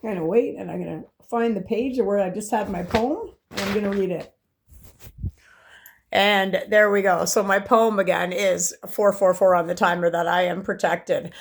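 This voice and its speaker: A woman talks to camera in a long, rambling monologue, intense and swearing freely as she jumps from topic to topic. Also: medium pitch. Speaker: vlogger.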